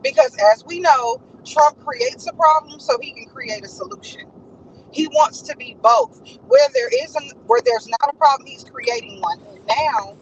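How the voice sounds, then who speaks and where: Speaking in a high voice with a Los flavor, a woman hosts casual commentary full of passion, emphatic and indignant, hammering points home by repeating them. The recording is dull and lo-fi, with a bit of hiss or hum.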